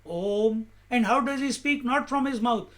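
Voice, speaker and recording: A man speaks in a strikingly high voice as a spiritual teacher. He gives a calm discourse and leans on rhetorical questions. His pace is measured and his points are made with emphasis.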